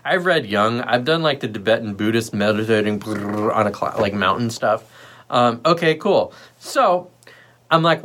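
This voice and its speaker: A man's voice: medium pitch, measured pace. A man hosting a livestream, talking casually and rambling with lots of fillers and asides. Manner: puts on lively voices when quoting others. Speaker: livestream host.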